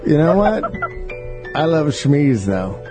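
A man's voice: fairly high pitch, big pitch swings, slow pace, over music. A man hosting a radio show, joking and rambling in casual profane banter from the studio. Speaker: radio host.

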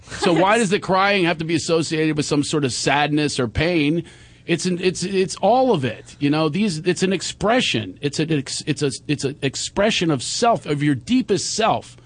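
A man hosting a call-in talk show, coaching a guest and often bursting into loud laughter. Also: on the high side, animated, normal speed, no echo. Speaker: host.

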